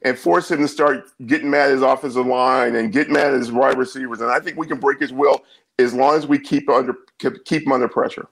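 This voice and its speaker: Guy breaking down football as a guest, mid-pitch, lots of ums and restarts. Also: steady tone, gravelly, fairly bright tone, poor audio. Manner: measured, many fillers and repeats. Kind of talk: casual sports talk.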